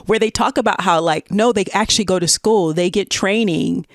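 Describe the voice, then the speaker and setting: A woman co-hosting a podcast, telling stories in a casual, animated way with lots of fillers. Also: mid-range voice, moderate pace, no echo, clean studio sound. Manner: animated storyteller, many fillers. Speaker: podcast co-host. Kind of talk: casual chat.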